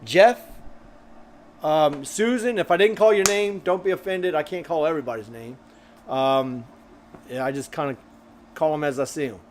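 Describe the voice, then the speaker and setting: A man with a slightly high voice runs a grilling live stream at a moderate pace, pausing often, with some background noise. He reads out viewer comments in a rambling, filler-heavy way and seems a bit out of breath.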